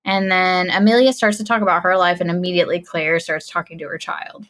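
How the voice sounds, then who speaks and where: A woman's voice: on the low side, a little fast. Woman podcast co-host, chatty recap, acts out the characters' lines. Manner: animated storyteller, acts out quoted lines; laughs often. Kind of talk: casual chat recapping a film.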